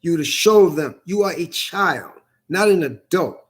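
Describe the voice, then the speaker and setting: A man's voice: on the high side, animated, unhurried. A man delivering a heated, profane monologue, repeating himself as he rants. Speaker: vlogger. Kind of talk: angry ranting monologue.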